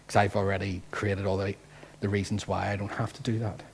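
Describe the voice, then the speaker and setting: A man with a Northern Irish accent preaching a sermon as pastor, lively and jokey, full of rhetorical questions. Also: lowish voice, a little fast, a little hiss or hum. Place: church.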